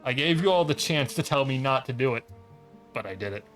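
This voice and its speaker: A man's voice: mid-range voice, lively intonation, fairly quick, fairly bright tone, soft background music. Joking man streaming a game. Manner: joking, restarts, reads game dialogue aloud in silly voices. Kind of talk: casual gameplay commentary.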